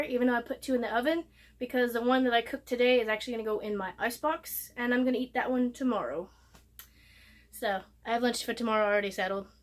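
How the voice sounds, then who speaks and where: High-voiced woman chatting through a recipe. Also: fairly bright tone. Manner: chatty, talks through each step. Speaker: cooking vlogger. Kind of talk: casual cooking demonstration. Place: home kitchen. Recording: voice a bit far from the mic.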